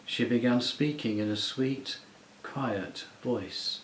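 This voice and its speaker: A man narrating a storybook in a measured, expressive way. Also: mid-range voice, roomy sound, slight background noise, poor audio. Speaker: audiobook reader.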